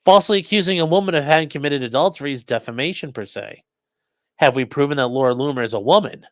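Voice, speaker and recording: A man hosting a live stream, reading chat aloud and answering with sarcastic commentary and sudden shouted mock voices. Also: fairly high pitch, fast talker, no echo.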